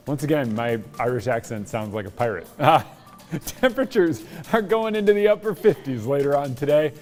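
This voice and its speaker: A male weather presenter on a morning show with a fairly high, very animated voice. He jokes around with co-hosts, and faint music plays behind him. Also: brisk. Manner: joking, animated delivery. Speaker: meteorologist. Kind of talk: morning news banter.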